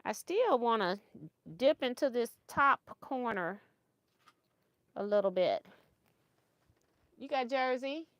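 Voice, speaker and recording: Woman sewing host, slow relaxed chat, laughs a lot, dry close sound. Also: on the high side, dry recording, dull audio. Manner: chatty, laughs often, thinks aloud while sewing. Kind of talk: casual livestream chat.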